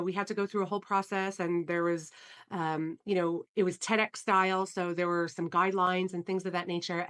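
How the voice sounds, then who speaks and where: A woman's voice: medium pitch, a bit bright. A woman hosting a solo podcast, telling her story in an earnest, enthusiastic way with frequent fillers like "um" and "you know.". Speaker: podcast host.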